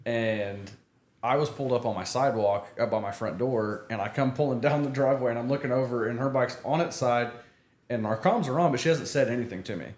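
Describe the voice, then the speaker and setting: Male podcast guest, mid-pitched, easygoing and profane, roomy echo. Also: fairly quick, a little mellow. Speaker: guest motorcycle rider. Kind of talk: casual chat. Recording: echoey room.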